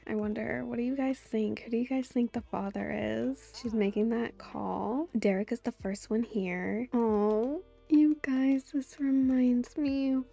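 A woman's voice: mid-range voice, creaky, mellow. A woman giving casual let's-play commentary, gushing and chatty as she plays. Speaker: gameplay YouTuber.

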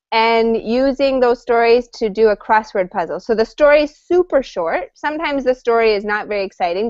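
A woman's voice: a little high, a little mellow, no echo. Cheerful woman teaching an online class. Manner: upbeat, laughs often, speaks slowly for learners. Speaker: English teacher. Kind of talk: online class, friendly chat. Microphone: computer mic on a video call. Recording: dull lo-fi call audio.

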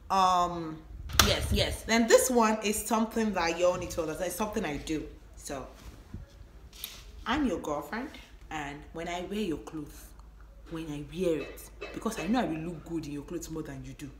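A young Nigerian woman vents straight to camera, blunt and mocking, dropping curses as she scolds. Her fairly low voice rings in a roomy room, and a faint hiss sits underneath. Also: normal speed. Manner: blunt, profane, emphatic, mocking. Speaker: vlogger. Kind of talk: ranting vlog to camera.

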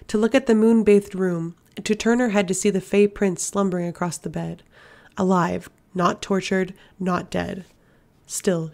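A woman reading a fantasy novel aloud in a measured, steady narration. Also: mid-range voice, creaky. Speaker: audiobook reader. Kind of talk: fiction audiobook narration.

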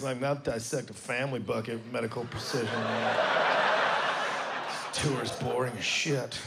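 A man's voice: medium pitch, vocal fry. A man from the United States doing a stand-up set in a rambling, musing way with frequent hedges, on a live recording with audience noise. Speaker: stand-up comedian. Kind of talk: stand-up comedy.

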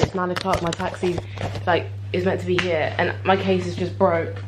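A young woman vlogging to camera in a chatty, excitable way, full of "like" fillers. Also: fairly low pitch, fairly quick, background noise. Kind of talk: casual vlog chat to camera.

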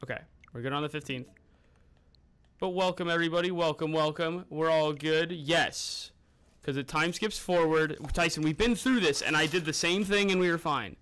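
A man's voice: a little high, normal speed, a bit bright, smooth. A young man streaming a game live, chatting casually and greeting viewers by name as he plays and eats. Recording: music playing underneath.

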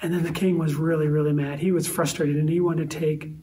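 A man's voice: on the high side, flat delivery, fast talker, dark tone. A man pastor preaching a sermon in a conversational, storytelling way, posing rhetorical questions to the congregation. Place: church sanctuary. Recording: voice distant from the mic.

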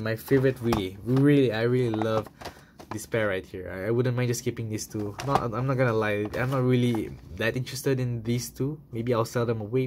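A man's voice: medium pitch, a little hiss or hum. A young man casually reviewing toy cars in a chatty, enthusiastic vlog style, full of fillers.

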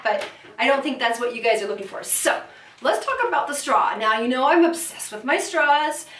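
An upbeat, encouraging woman teaches singing with a fairly high voice. She sounds set back from the mic in an echoey room. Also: fairly bright tone, recorded from a distance. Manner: upbeat, encouraging, demonstrates with buzzing. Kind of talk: vocal lesson to camera.

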